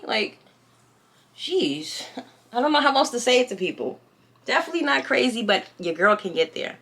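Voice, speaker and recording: Animated, outspoken young woman. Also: a little high, moderate pace, long pauses, breathy edge. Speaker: vlogger. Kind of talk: casual storytime chat.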